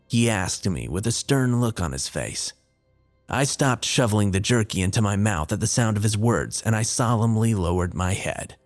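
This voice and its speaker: A man's voice: on the low side, lively intonation, moderate pace. A man narrating a scripted horror story in a wry, dry, confessional tone. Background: faint music.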